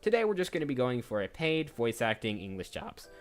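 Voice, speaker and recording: A man's voice: mid-range voice, very animated, a little fast. A man who works as a voice actor, chatting casually on a livestream and thinking aloud as he browses, often restarting sentences. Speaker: voice actor streamer. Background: faint background music.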